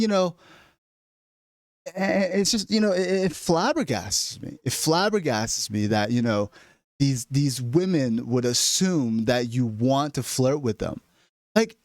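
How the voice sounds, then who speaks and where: Exasperated man ranting, lively pitch. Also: dry recording, studio quality. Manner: exasperated, profane, animated. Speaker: vlogger. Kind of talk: ranting comedic monologue.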